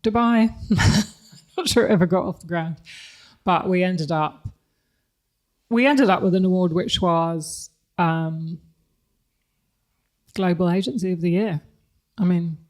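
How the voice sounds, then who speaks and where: A woman's voice: fairly low pitch, measured pace, darkish tone. A woman, speaking candidly and reflectively as a podcast guest, laughing often. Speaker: guest, company CEO. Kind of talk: podcast interview conversation.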